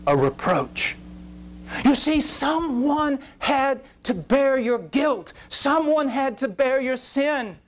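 A man preaching an intense, impassioned sermon that rises to shouts at its peaks. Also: very high voice, slow, few pauses. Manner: intense, rising to shouts at climaxes.

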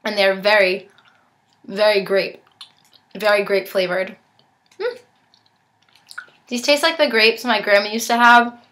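A woman's voice: medium pitch, measured pace, pauses often, fairly bright tone. A young woman reviewing snacks in a casual unboxing vlog, chatting and tasting as she goes, sometimes talking with her mouth full. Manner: chatty, talks while chewing.

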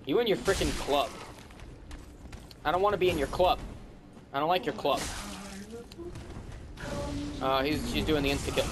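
A man's voice: a little high, moderate pace, pauses often, over music. A man giving casual commentary while playing a game, grumbling and trash-talking the enemies with sarcasm. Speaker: gamer.

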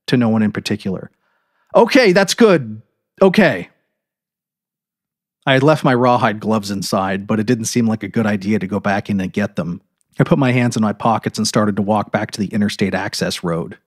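A man narrating a horror story in an intense, measured first-person reading with dramatic pauses. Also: on the low side, no room sound, studio quality.

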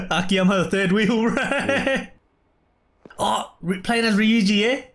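A man's voice: high voice, takes it slowly, a bit bright. A man giving easygoing let's play commentary, laughing often and calling everyone bro. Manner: laid-back, calls everyone bro, laughs a lot. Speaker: gamer. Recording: game music behind. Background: game music.

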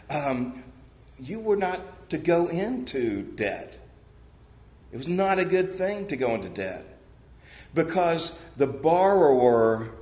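A male pastor preaching a sermon in a church, telling a parable with lively changes of voice and rhetorical questions to the congregation. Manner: animated storytelling, voicing parable characters with pitch jumps. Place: church sanctuary.

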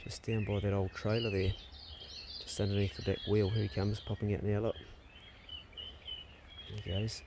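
A farm vlogger with a New Zealand accent films wildlife with a handheld camera outdoors on his farm beside native bush. His lowish voice moves at normal speed with long pauses as he narrates in a relaxed, laid-back, slangy way. The background is noisy, with faint birdsong and outdoor ambience.

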